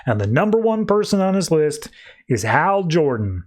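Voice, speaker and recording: A man's voice: on the high side, big pitch swings, moderate pace. A man co-hosting a podcast, chattily recapping a comic book plot and peppering it with "like.". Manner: chatty, heavy use of "like" when retelling. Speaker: podcast co-host.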